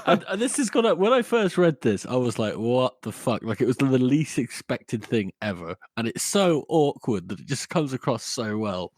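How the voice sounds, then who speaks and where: A man co-hosting a casual book podcast, given to quick interjections and laughter. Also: mid-range voice, sing-song, a little mellow, no echo, studio quality. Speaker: podcast co-host.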